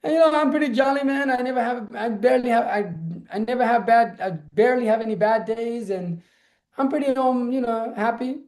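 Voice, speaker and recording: A man's voice: extremely high pitch, a little fast, darkish tone, reverberant, voice pushed up. A man putting on the voice of a laid-back young surfer-type man with an easygoing drawl. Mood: carefree.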